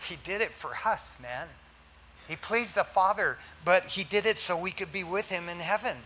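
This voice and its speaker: An older man, a pastor, preaching a sermon in a lively, joking way to his congregation. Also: sits high, normal speed, a little hiss or hum.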